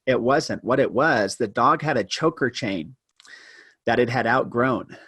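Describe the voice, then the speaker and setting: A man telling a personal story as a podcast guest, animated and self-deprecating, shifting his pace for effect. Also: medium pitch, a little slow, husky, no echo. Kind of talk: casual storytelling interview.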